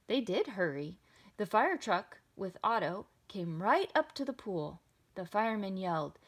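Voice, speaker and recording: A woman reading a children's picture book aloud with expressive, sing-song delivery. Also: medium pitch, a little slow. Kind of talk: children's storybook read-aloud.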